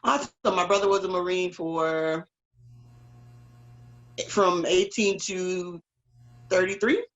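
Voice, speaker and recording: A woman hosting a casual interview, playful and quick to laugh, sharing stories about her own kids. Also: on the low side, fairly bright tone, lo-fi sound. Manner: playful, giggly, teasing. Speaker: host.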